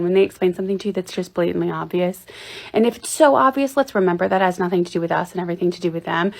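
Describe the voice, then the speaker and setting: A woman's voice: on the low side, gravelly. Playful, teasing woman talking to camera. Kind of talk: casual talk to camera.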